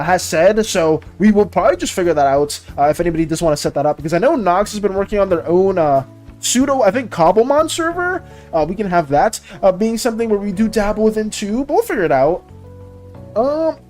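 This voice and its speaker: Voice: medium pitch, darkish tone. An art streamer chatting casually and rambling while working and reading chat on a live stream.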